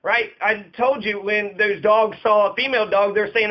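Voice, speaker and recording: A man's voice: high voice, steady tone, normal speed, hardly any pauses. A man in a casual, profane rant, emphatic and repeating himself for stress. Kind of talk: casual ranting monologue. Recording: dull lo-fi recording.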